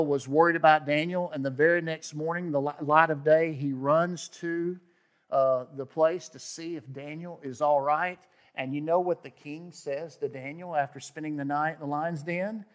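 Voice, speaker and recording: A man preaches a sermon in a high voice. He builds to loud, shouted peaks, then drops nearly to a hush. His delivery is dramatic. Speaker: pastor.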